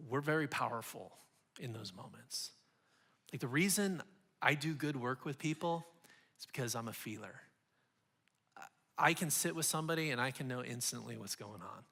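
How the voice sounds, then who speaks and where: A man's voice: mid-range voice, vocal fry, pushed and bright. A man in his forties giving a sermon as a guest speaker, earnest and confessional, often restarting his sentences.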